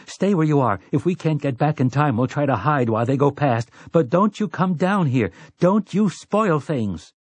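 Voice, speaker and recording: A determined boy barks urgent orders in a raised, husky voice, as a man does him. He sounds set on taking charge, and the storybook reading stays dry and close to the mic. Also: on the high side, sing-song, brisk, few pauses, no echo, voice pushed up. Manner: urgent, commanding shouts.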